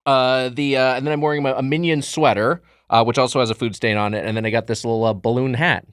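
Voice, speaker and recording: A man's voice: mid-range voice, fairly even intonation, fast talker, clear, resonant tone, dry recording, studio quality. A man hosting a comedy podcast about chain restaurants, chatting in a jokey, rambling way with plenty of fillers. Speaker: podcast host. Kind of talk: casual comedic podcast chat.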